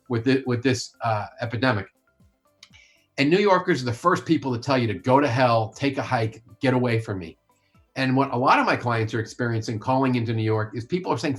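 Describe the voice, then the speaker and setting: Man in a podcast interview, forceful blunt sales-coach delivery, mid-pitched voice, faint music underneath. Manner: blunt, emphatic, opinionated.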